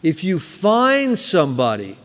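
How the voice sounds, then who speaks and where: A man speaking at a recovery meeting, telling his story with lively, acted-out scenes. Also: sits high, measured pace. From New Jersey. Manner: animated storyteller, acts out scenes loudly. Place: meeting hall. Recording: long hall reverb.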